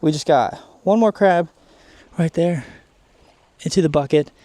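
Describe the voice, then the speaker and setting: A man hosting a fishing vlog outdoors on a muddy shoreline, talking to the camera in an excited, chatty way, hot and a bit winded. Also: fairly high pitch, measured pace, dry recording. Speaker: fishing channel host. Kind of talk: casual outdoor vlog narration.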